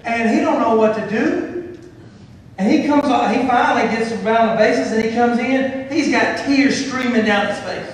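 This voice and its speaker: A man preaching a sermon as pastor, fervent and building to shouts, with many repeated phrases. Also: extremely high pitch, moderate pace. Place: church sanctuary. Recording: echoey church hall from far off.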